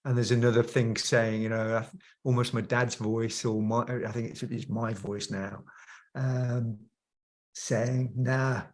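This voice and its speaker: A man with a flat, even voice and a low-key delivery. He speaks haltingly, restarting his sentences as he searches for the right words. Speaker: guest in coaching session. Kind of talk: reflective conversation.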